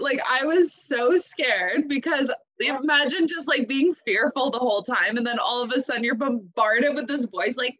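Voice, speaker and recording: A young woman co-hosting a podcast, telling a story in animated casual chat. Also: sits high, normal speed, hardly any pauses, poor audio. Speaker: podcast co-host.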